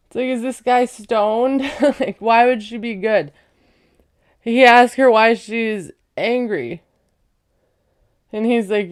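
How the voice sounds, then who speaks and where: A woman recapping a reality show in casual chat, sarcastic and quick to laugh at her own jokes. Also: a little high. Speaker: recap vlogger.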